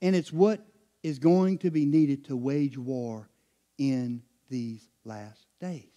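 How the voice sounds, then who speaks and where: A middle-aged pastor preaches a sermon at a slow pace, sinking to low murmurs and then building to loud, high climaxes.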